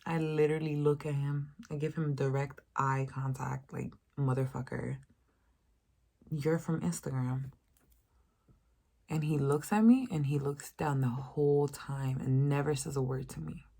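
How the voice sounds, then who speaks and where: A young woman in her twenties telling a storytime rant, profane and animated, putting on higher voices for the people she quotes. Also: a little slow, gravelly. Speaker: vlogger.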